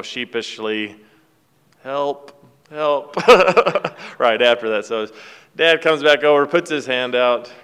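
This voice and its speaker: A man's voice: mid-range voice, fairly bright tone, clear, resonant tone. Man telling a story in a reverberant hall. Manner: folksy storytelling with fillers and restarts. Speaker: speaker giving a devotional talk. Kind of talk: casual devotional talk.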